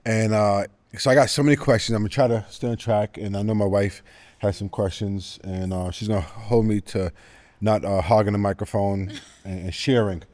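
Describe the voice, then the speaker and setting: Halting, laughing man hosting a chat. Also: on the low side, fairly even intonation, a little mellow, no room sound. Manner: halting, many fillers and restarts, laughs often. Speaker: podcast host. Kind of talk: casual interview chat.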